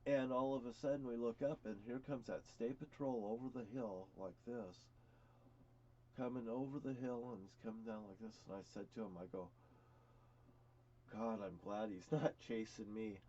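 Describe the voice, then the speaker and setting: A man's voice: mid-range voice, fairly quick, darkish tone, highs cut off, a little hiss or hum. Rambling, profane older man telling stories. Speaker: storyteller. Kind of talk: rambling personal storytelling.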